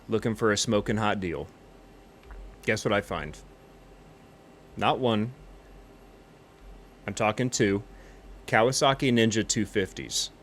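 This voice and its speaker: Man, low voice, playing a brash pilot who rambles and brags in an improvised comedy bit. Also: a bit bright, slight background noise. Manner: rambling, cocky, boastful storytelling. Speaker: comedic pilot character in a flight game stream. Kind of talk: improvised in-character comedy monologue.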